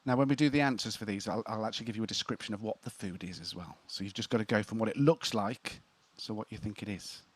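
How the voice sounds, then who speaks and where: A man's voice: fairly low pitch, quick pace, hardly any pauses, breathy edge. A man hosting a casual online quiz, chatty, laughing easily and tripping over repeated words. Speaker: quiz host. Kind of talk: casual live-stream chat.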